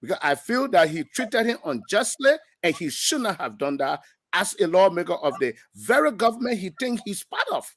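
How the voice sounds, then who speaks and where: Emphatic high-voiced lawmaker. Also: male voice, sing-song, moderate pace, a bit bright, dry recording, clean studio sound. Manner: emphatic, defensive, with repeated restarts. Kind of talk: political talk show debate.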